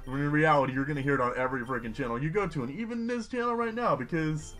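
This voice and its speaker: A young man giving rambling, excitable commentary while playing a video game. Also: fairly high pitch, fast talker, soft background music. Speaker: gaming YouTuber. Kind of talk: casual Let's Play commentary.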